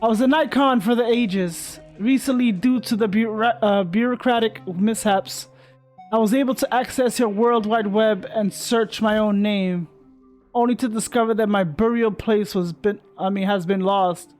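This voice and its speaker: Man voicing a haughty ghost queen, grand, high-pitched. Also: fairly even intonation, moderate pace, a little mellow, faint music behind, natural voice. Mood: grandiose. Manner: grand, self-important speech. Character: vain, haughty female ghost queen of old. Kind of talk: reading game dialogue aloud.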